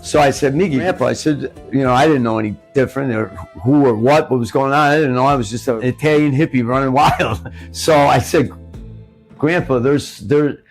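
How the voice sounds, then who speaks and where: A man in his seventies tells an old story plainly and haltingly. His voice is heavily gravelly, with a middle pitch. Soft guitar music sits behind him. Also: rough recording. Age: 70s. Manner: plain-spoken, halting retelling. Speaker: interview guest. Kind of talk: casual storytelling interview.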